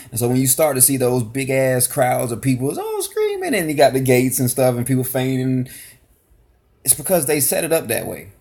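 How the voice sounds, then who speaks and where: A man's voice: mid-range voice, a little mellow. A man chatting casually while reacting to a video, rambling loosely from one thought to the next. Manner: rambling, loose, full of restarts and fillers. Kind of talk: casual chat.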